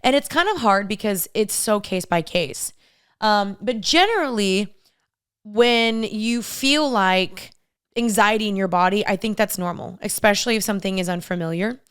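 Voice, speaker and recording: A young woman co-hosting a casual podcast, giving earnest advice on relationships in quick bursts. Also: mid-range voice, expressive, fairly bright tone, clean tone. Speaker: podcast co-host and author.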